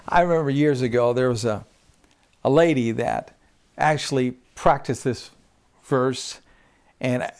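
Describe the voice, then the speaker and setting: A male pastor preaching a sermon, pushing his voice up on scripture and dropping it low for stress. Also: darkish tone.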